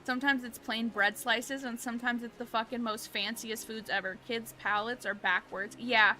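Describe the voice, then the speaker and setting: A woman chats on a gaming livestream in a bright, forceful voice pitched fairly high. She tells animated stories, acts out quotes and swears freely, the way a parent talks about her young child. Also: moderate pace. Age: adult, parent of a young child. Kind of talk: casual chat on a gaming stream.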